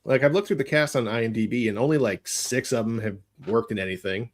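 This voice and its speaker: A man's voice: medium pitch, fast. A man co-hosting a casual film chat, laid-back and chiming in with short agreements. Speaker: podcast co-host.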